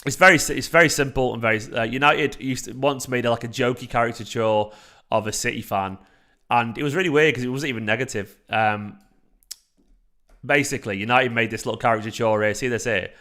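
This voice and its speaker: Chatty lad on a livestream. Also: male voice, medium pitch, a little fast. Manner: animated, chatty, swearing, frequent fillers and restarts. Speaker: fan channel host reading live chat. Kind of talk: casual livestream chat.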